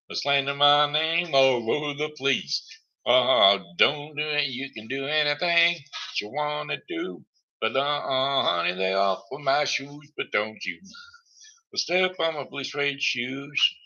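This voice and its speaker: A man's voice: fairly low pitch, slow pace, creaky, few pauses, pushed and bright, heavily acted. A man putting on a swaggering male rock-and-roll crooner, singing with hip-shaking showmanship. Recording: dull lo-fi stream audio.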